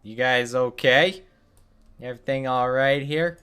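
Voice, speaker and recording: A man's voice: mid-range voice, measured pace, sharp tone, clean tone. A man streaming a game, commenting in a casual, wry and joking way.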